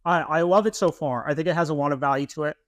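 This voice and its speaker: This is a young man on a casual podcast, talking through his own habits in a reflective way. He often repeats phrases and adds "right?" as he thinks. His slightly high voice is close and dry. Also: fast talker, no echo. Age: young adult. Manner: reflective, frequent "right?" and restarts. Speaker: podcast co-host.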